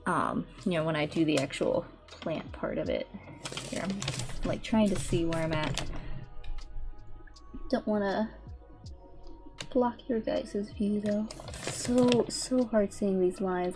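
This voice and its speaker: A young woman VTuber chats while she paints on stream, rambling casually with lots of fillers, many "like"s, and restarts. Her medium-pitched voice is a little mellow with lively intonation, a slow pace, and long pauses, with faint music behind her.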